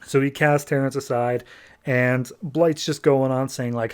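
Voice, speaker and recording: A man's voice: medium pitch, steady tone, measured pace, a little mellow, smooth. Chatty man recapping comics. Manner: chatty, filler-heavy, acts out quotes in a loose paraphrase. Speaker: comics podcast host. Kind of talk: casual comic book review and plot recap.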